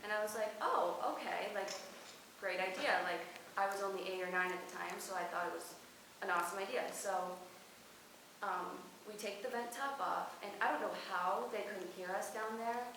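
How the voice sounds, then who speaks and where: A woman's voice: medium pitch, steady tone, normal speed, fairly bright tone. Young woman telling a rambling story. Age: young adult. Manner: chatty storytelling with many fillers and "like". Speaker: acting student. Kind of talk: performed verbatim monologue. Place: classroom. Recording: very echoey room with noise.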